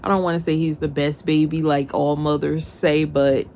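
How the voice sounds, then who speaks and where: A woman's voice: deep voice, little pitch movement, normal speed, vocal fry, warm tone. A young woman chatting casually in her home kitchen as a mom vlogger. She laughs often and gets teary and sentimental as she talks. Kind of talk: casual kitchen vlog chat. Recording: noisy home recording.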